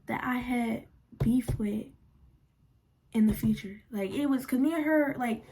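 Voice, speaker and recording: A young woman vlogger telling a storytime in a casual, animated, slangy and frank way. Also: a little high, unhurried, pauses often, a little hiss or hum.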